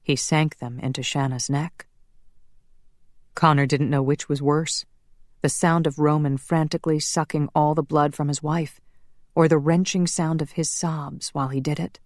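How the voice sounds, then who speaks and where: A woman narrating a paranormal romance audiobook in a measured, steady way. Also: low-pitched, dry recording, clean studio sound.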